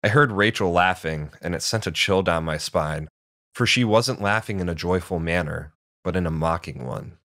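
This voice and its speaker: A man narrating a first-person story in a steady, measured way. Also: sits low, no room sound, clean studio sound.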